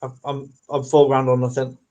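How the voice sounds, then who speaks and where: A man's voice: medium pitch, completely flat delivery, normal speed, warm tone, highs cut off. A man co-hosting a casual chat show, reading out viewer comments and laughing at himself. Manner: self-deprecating, reads viewer comments aloud. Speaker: co-host.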